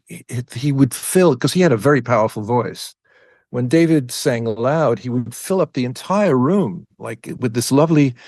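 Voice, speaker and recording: An older man with a New York accent softened by years in Britain talks easily through a story, stretching out the words he wants to land. His voice sits mid-pitch and sounds dry and close, with no room around it. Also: dry recording. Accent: New York English with a British tinge. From United States. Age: 80s. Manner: relaxed anecdotal, slows down to stress details. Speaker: guest, music producer. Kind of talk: conversational interview storytelling.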